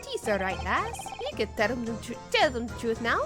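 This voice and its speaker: A woman's voice: a little high, very animated, brisk, music in the background. A woman voicing an Irish male carriage driver giving testimony in a put-on Irish accent, earnest and plain. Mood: coaxing.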